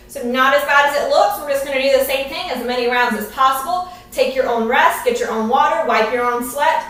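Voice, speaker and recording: Her voice is high-pitched and sharp as she coaches a live workout, breathless and upbeat while doing the exercises herself. The camera sits at a distance, and the room echoes heavily.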